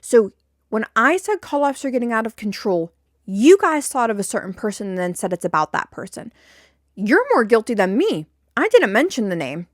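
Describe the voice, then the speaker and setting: A woman's voice: on the high side, sing-song, brisk, no echo, studio quality. Indignant woman venting on her podcast. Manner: indignant, repeats herself, rising to exasperated peaks. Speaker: podcast host. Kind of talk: venting story time to listeners.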